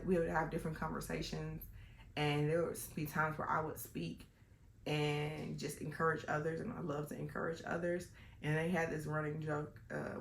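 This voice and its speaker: A woman talks to her vlog audience in a loose, rambling way, with plenty of "um"s and restarts. Her voice has a rough, gravelly edge, and the room around her echoes noticeably. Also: low-pitched. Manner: chatty and rambling, with many fillers and restarts. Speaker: vlogger. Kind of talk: personal storytelling vlog.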